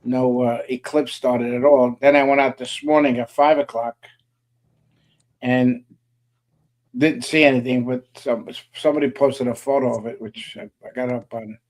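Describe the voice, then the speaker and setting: A man talking in a loose, meandering way on a casual political chat stream. He fills gaps with "uh" and throws in offhand jokes. His voice sits at an ordinary middle pitch. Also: steady tone, moderate pace, a little mellow. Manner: rambling, many "uh" fillers, joking. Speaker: co-host.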